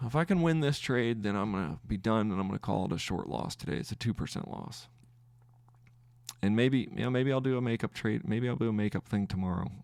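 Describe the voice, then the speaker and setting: Gravelly low-voiced man talking through trades. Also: a little mellow, no room sound. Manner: thinking aloud, halting, counting trades. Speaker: trading podcast host. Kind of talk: live trading commentary.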